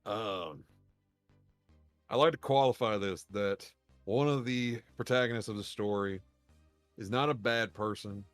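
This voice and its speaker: A man's voice: lowish voice, a little slow, long pauses, dry recording, soft background music. A man, a podcast co-host telling a long story in rambling, profane casual chat. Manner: rambling, profane, laughs while telling stories.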